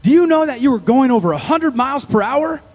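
A man's voice: very high-pitched, sing-song, a little fast, big-room sound, pitched above the performer's own voice, heavily acted. A man doing a polite stern traffic cop. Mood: official. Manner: formal, official.

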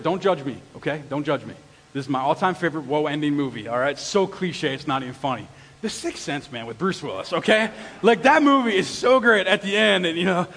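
High-voiced preaching man in a reverberant hall. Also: fairly bright tone, husky. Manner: emphatic preaching, then chatty asides. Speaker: pastor. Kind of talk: sermon. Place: church sanctuary.

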